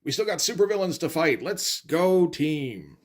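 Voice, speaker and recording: A man's voice: on the high side, lively intonation, a little slow, pitched above the performer's own voice. A man voicing a brooding male mercenary leader who talks curtly and brushes things off. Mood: brusque.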